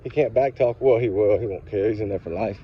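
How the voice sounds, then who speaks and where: A man's voice: on the low side, fast, husky, highs cut off. A man hosting a true crime channel, ranting angrily to his viewers while walking around a grocery store parking lot. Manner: angry, fired up, talks straight to viewers. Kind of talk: casual ranting vlog to viewers.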